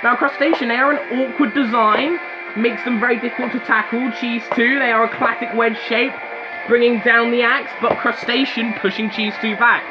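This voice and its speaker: A man's voice: very high voice, moderate pace. A young man giving casual, joking fan commentary on robot fights. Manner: joking, chatty, excitable asides. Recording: slightly dull lo-fi sound with music behind.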